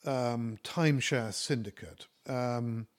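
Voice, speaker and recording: A man's voice: medium pitch, slow. Rambling man telling a long anecdote. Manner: rambling, self-deprecating, many fillers and restarts. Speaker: storyteller recounting his own venture. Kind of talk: casual spoken anecdote.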